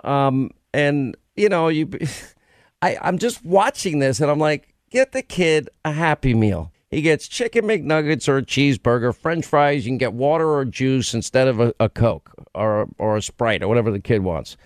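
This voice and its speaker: A man hosting a talk radio call-in show, animated and exasperated, often cutting in on callers. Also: medium pitch, normal speed, no room sound, studio quality. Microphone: studio mic.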